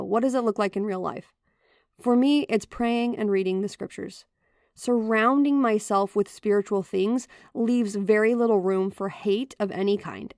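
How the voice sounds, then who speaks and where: Earnest woman podcaster with gravelly edge. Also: mid-range voice, a little mellow, no echo, clean studio sound. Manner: earnest, encouraging, direct. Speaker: podcast host. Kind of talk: motivational podcast talk.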